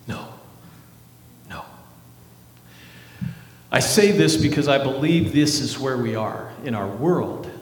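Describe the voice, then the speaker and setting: A man's voice: medium pitch, animated, takes it slowly, long pauses, a little hiss or hum. A man preaching a sermon as pastor, earnest, with rising emphasis and dramatic drops in voice. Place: church sanctuary. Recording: echoey hall reverb.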